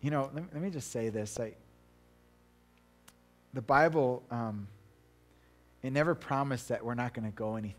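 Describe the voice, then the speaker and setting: A middle-aged man, a pastor, giving a casual conversational sermon with chatty, self-deprecating asides and frequent restarts. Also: medium pitch.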